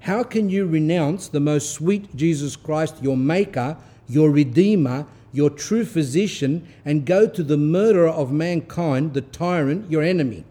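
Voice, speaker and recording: A man giving a sermon, reading a text aloud in a stern, forceful way and stopping to explain it in asides. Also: a little high, a little slow, few pauses. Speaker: Orthodox priest giving a talk.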